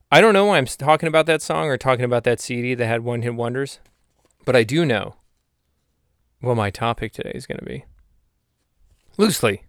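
A man hosting his podcast in a rambling, self-mocking comedic monologue with deadpan asides. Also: mid-range voice, clear, resonant tone, no echo, studio quality. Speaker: podcast host.

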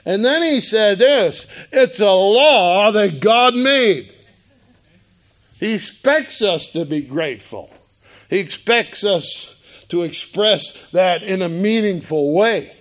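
A man preaching a sermon, emphatic and animated, with bursts of loud emphasis. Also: high voice. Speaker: pastor.

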